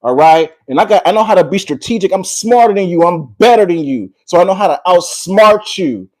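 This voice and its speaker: Male commentary vlogger, slightly high-pitched, heated and sermon-like, mixing ad-lib with read script. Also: animated, a little fast. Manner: preachy, combative, repeats "all right". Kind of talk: confrontational monologue mixed with reading prepared text.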